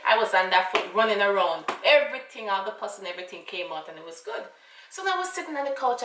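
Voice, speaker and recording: A Jamaican woman tells a casual storytime, animated and full of asides. Her tone is bright and clear. The room is echoey and she sits a little away from the mic. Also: a little high, far from the mic. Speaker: vlogger.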